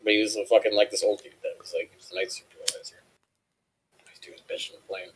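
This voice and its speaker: A man's voice: on the low side, little pitch movement, fast talker, husky, low-quality recording. A man co-hosting a casual chat show, telling a long, profane story and acting out the people in it. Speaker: co-host.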